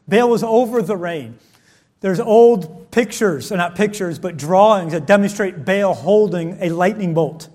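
A male preacher with a high-pitched voice delivers a sermon. He reads old-fashioned scripture passages aloud and shifts between loud, emphatic calls and quiet, hushed lines. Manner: reads scripture aloud in King James wording.

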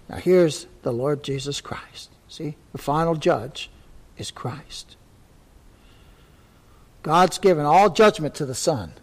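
Male pastor, high voice, emphatic sermon delivery with repetition. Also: measured pace, pauses often, darkish tone. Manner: emphatic, repeats words for stress.

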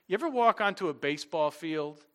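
Bright-voiced man preaching a sermon. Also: a little high, fairly quick, clean tone. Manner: animated, repeats words when building a point. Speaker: pastor. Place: church stage.

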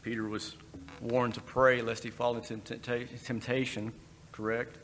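A man's voice: medium pitch, level tone, moderate pace, a bit bright. A man giving a conversational sermon, breaking into brief acted quotes. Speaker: preacher. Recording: long reverb in a hall, faint background noise.

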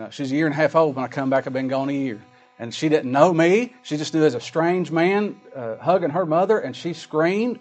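A middle-aged man preaching a sermon, folksy, swinging from loud emphatic scripture reading to quiet asides. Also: on the high side. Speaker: pastor.

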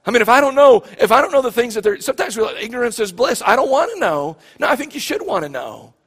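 Guy preaching from the pulpit, pretty high voice, lots of hall reverb, keeps repeating his questions and restarting lines. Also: big pitch swings, quick pace, a bit bright, husky. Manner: preaching with rising emphatic questions and frequent restarts. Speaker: pastor. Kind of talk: sermon.

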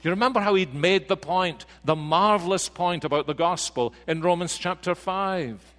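A man preaching a sermon to a congregation, slow and emphatic, dropping quiet then rising with force. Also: high-pitched. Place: church sanctuary. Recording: reverberant church hall.

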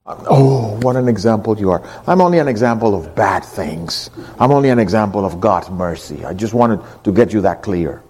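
A man delivers an impassioned sermon in a middle-pitched voice. His pitch is very lively, swinging between hushed, low asides and loud, rising declarations. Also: slightly rough. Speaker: pastor.

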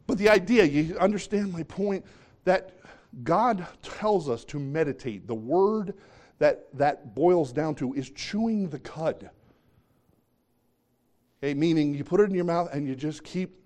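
A man's voice: a little high, animated, normal speed, pauses often, darkish tone. Conversational man preaching a sermon. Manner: conversational, self-deprecating, asks the congregation questions. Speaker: pastor.

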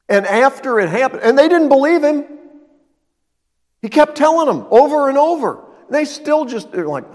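A man's voice: very high-pitched, very animated, normal speed, darkish tone, long reverb tail. A male pastor preaching a sermon, emphatic and repeating his key lines.

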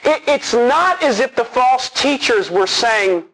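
Man preaching, high voice, earnest, emphatic, repeats words for weight, radio broadcast sound. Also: lively intonation, slow, fairly bright tone, a little hiss or hum, low-quality recording. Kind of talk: expository sermon.

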